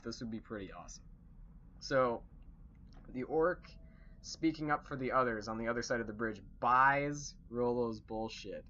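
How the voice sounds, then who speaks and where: A man's voice: mid-range voice, pushed and bright. A man recapping a tabletop game session as dungeon master, rambling with many fillers. The recording is dull and lo-fi. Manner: rambling, lots of fillers and restarts. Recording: dull lo-fi recording with faint hiss.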